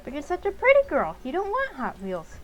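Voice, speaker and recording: A patronizing fast-food cashier who talks down in a sugary way, as a woman voices her during a game. The voice rises fairly high. Each line sounds condescending. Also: wildly swooping pitch, rough recording.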